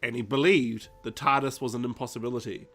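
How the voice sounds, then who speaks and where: A man's voice: medium pitch, fairly even intonation, a little fast, a bit bright, faint music behind. A man co-hosting a fan podcast, chatting eagerly, laughing often and acting out quoted lines. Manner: enthusiastic, laughing, acts out quotes. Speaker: podcast co-host. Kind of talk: casual chat.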